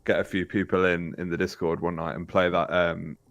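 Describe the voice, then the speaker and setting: A man's voice: sits low, flat delivery, a little fast, a bit bright, no room sound. A man joining a game stream as a guest, laid-back and joking with the host. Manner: laid-back, jokes and laughs. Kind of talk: casual game stream chat.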